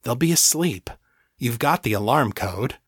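A steady man talks calmly and reasonably, keeping others settled, voiced by the narrator close to his own voice. The sound is dry and close, like a storybook audiobook. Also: medium pitch, normal speed, dry recording, close to an everyday voice. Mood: reasonable. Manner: calm, reasonable.

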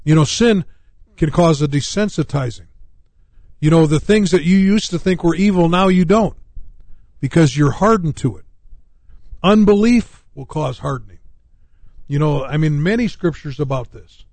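A man's voice: on the high side, expressive, normal speed, long pauses, a little mellow, no room sound. A middle-aged male pastor preaching on a radio talk show, rambling with many fillers and restarts.

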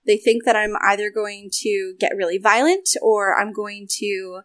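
A young woman speaking candidly as an interview guest, open and animated, often acting out what people say. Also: medium pitch, measured pace, dry recording. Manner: open, animated, acts out quoted voices. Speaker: game developer guest.

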